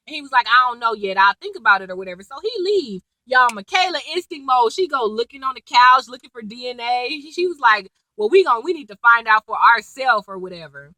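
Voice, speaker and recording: A woman's voice: a little high, brisk, few pauses, no echo, low-quality recording. A woman, chatting casually as she recaps a TV episode, acting out lines as she goes. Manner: chatty, animated retelling with quoted lines and laughs. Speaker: TV recap vlogger.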